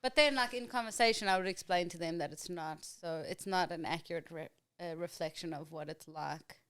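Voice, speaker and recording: A young woman with a South African accent, guesting on a podcast in casual chat, full of likes and restarts and quick to laugh. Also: on the low side, a bit bright, clean tone. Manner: chatty, many likes and restarts, laughs easily.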